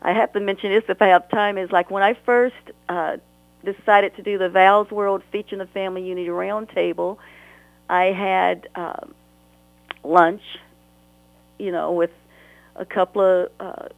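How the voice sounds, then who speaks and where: A woman's voice: medium pitch, steady tone, moderate pace, gravelly, no room sound, narrow, tinny audio. A woman author talking earnestly and emotionally as a guest on a radio interview, rambling at times.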